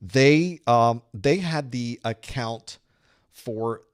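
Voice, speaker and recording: Guy running a live networking study session, chatty, goes "screw, screw" while explaining stuff, middle pitch. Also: very slow, clean tone. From Southern United States. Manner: conversational, explains with analogies and playful sound-effect narration. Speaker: IT certification instructor hosting a live study group. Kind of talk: live-streamed study group Q&A.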